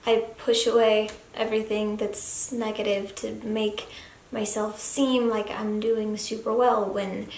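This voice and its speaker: Young woman, vlogger, earnest and soft-spoken, gravelly fry, echoey room. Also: mid-range voice, level tone, a little slow. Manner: earnest, soft-spoken, sometimes dropping to a hushed whisper. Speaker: YouTube vlogger. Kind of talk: confessional talk to camera. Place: room in a busy family house. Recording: echoey room, faint background noise.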